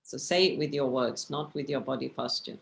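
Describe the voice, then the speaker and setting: A woman meditation teacher talks through her slides in a relaxed, conversational way. Her voice carries a gravelly edge, and she keeps checking in with her listeners as she goes. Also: extremely low pitch, fairly quick, a little hiss or hum. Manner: conversational, often checks in with tag questions; expressive, gestures while speaking. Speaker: meditation teacher giving a talk. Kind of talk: casual teaching talk with slides.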